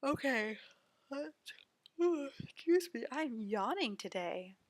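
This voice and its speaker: A woman's voice: high voice, sing-song, slow pace, dry recording. A woman streaming a game, chatting casually with amused asides between reading the dialogue aloud. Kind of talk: casual let's play commentary.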